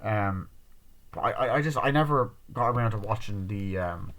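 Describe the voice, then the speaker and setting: A man's voice: on the low side, normal speed, a bit bright, a little hiss or hum. A man giving a casual spoken movie review, rambling and profane, with many restarts.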